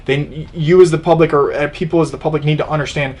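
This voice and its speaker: A man's voice: on the high side, steady tone, fast, darkish tone. A man with a slightly raised voice talks through his opinions in a casual sit-down chat. He explains at length, often restarting sentences mid-thought, and speaks as the show's co-host. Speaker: co-host of an outdoors channel.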